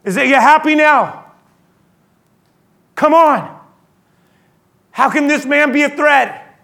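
A man's voice: very high voice, slow pace, gravelly, pushed and bright, pitched above the performer's own voice, exaggerated voice. A man acting out a frustrated Roman governor who pleads and argues with an angry crowd. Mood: exasperated. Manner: pleading, exasperated declaring.

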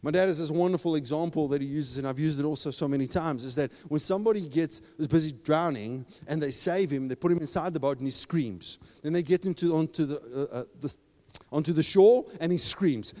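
A man preaching a sermon, talking casually and then building up to loud, emphatic exhortation. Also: a little high. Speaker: pastor. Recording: long reverb of a large hall.

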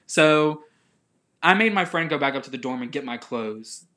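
A young man from the southern United States, chatting casually as a podcast co-host and telling an animated, rambling story with laughs. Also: a little high, moderate pace.

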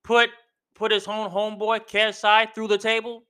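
A man's voice: high voice, completely flat delivery, normal speed, sharp tone, smooth. A man hosting a podcast who rants in an emphatic, slangy way, repeating himself and calling the listener "bro". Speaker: podcast host. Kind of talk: casual wrestling opinion rant.

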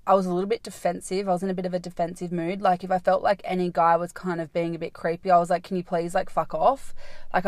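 A young woman hosts her own podcast in a casual storytelling monologue. She rambles, leans on "like" constantly and swears freely, and her voice sits fairly low for a woman. It is recorded close on a dry, dead mic. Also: no room sound. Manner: rambling, heavy "like" fillers, frequent swearing. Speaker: podcast host.

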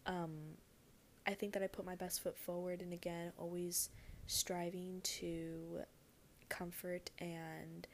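A young woman musing alone on her podcast, her lowish voice carrying a gravelly, fry-laden texture. She rambles and gropes for words, swears without fuss, and keeps slipping into a hushed near-whisper. A faint hiss sits under the recording. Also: level tone, slow pace. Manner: rambling, candid, searches for words, swears casually; often drops to a soft whisper. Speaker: podcast host. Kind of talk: reflective solo podcast monologue.

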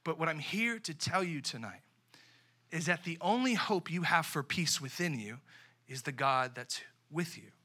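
A young man preaching a lively, conversational sermon to a youth group, full of slang and acted-out asides. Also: on the high side, normal speed. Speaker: youth pastor.

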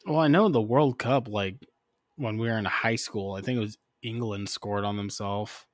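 A man's voice: fairly low pitch, moderate pace, no echo, clean studio sound. A man in casual podcast chat, blunt and crude, often dismissive.

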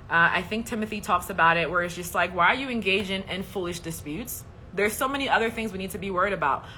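A woman's voice: medium pitch, pushed and bright, slight background noise. A woman hosting a casual faith livestream, speaking in an emphatic, preachy way and often checking in with "okay?". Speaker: host.

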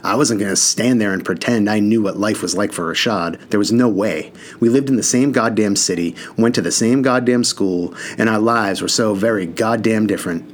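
Guy reading a novel in first person, lowish voice, earnest casual tone. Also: normal speed, few pauses, a little hiss or hum. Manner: earnest, casual teen-style phrasing with mild swearing. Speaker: audiobook narrator.

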